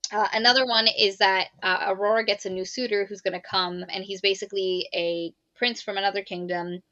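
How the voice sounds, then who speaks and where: A woman co-hosting a podcast, retelling a novel's plot in casual, animated chat, swearing and quoting characters. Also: medium pitch, brisk, dry recording, dull audio. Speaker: podcast co-host. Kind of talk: casual book review chat.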